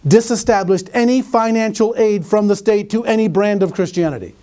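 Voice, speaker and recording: High-voiced man lecturing animatedly. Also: fairly quick. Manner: animated, restarts phrases often, asks the audience questions. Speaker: conference speaker and teacher. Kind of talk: lecture with storytelling.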